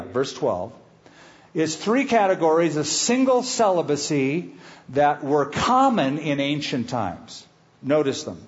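A man preaching a sermon, reading scripture slowly and with weight, then breaking into conversational asides to the congregation. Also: on the high side, muffled recording. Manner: expository preaching, reads scripture slowly and emphatically. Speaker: pastor.

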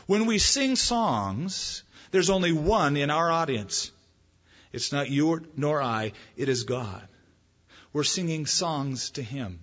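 A man delivers a sermon with a husky, slightly higher-than-usual voice and a conversational, emphatic way of preaching. The sound is muffled and carries a long echo from a church hall. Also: very animated, slow pace, a bit bright. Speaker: pastor.

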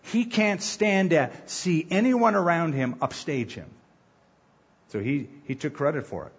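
A man's voice: on the high side, lively intonation, measured pace, slightly rough, lo-fi sound. A male pastor giving an emphatic sermon, counting off points and acting out quotes. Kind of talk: sermon, Bible teaching.

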